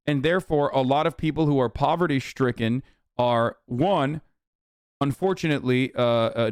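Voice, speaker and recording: Here a streamer swears liberally and mocks with sarcasm while responding heatedly to his live chat. The audio is close-miked and dry with no reverb, carrying his smooth, resonant middle-range voice.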